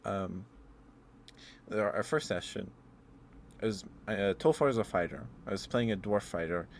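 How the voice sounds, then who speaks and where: A man in a soft-spoken ASMR ramble, telling meandering stories with fillers and chuckles. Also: lowish voice, measured pace, vocal fry, a little hiss or hum. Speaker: ASMR streamer.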